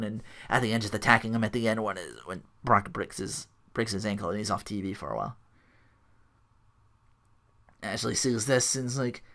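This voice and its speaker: A man's voice: medium pitch, bright, forceful tone. Rambling man recapping a show. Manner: rambling, with restarts and asides. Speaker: podcast host. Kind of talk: casual wrestling show recap.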